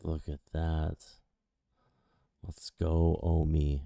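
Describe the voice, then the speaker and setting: Excitable male chart streamer, slow deep delivery, dry close sound. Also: vocal fry, dry recording. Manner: excitable, exclaiming, pleading with the chart. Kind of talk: excited live chart commentary.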